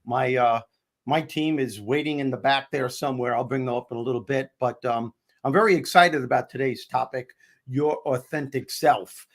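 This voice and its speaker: A man's voice: mid-range voice, fairly even intonation, normal speed. Man, talk show host, upbeat, joking banter, live comedy show. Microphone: headset.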